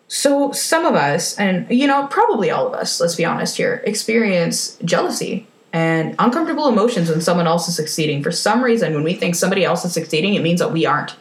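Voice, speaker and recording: A woman's voice: on the low side, reverberant. A woman giving a frank, emphatic motivational talk, swearing casually as she speaks. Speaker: self-help speaker.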